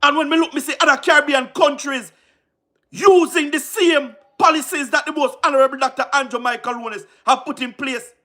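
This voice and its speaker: A man's voice: extremely high pitch, a little fast, sharp tone. A man with a Jamaican accent delivering passionate political commentary on a livestream, emphatic and repetitive, asking rhetorical questions. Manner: emphatic and repetitive, frequent rhetorical questions, laughs between points.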